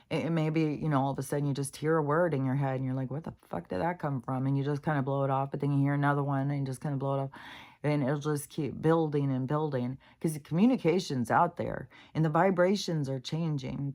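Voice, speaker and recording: Low-voiced woman rambling frankly to viewers. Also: a little mellow. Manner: swears freely, frank and loose; heated, ranting at times. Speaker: spiritual vlogger. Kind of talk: casual rambling monologue to viewers.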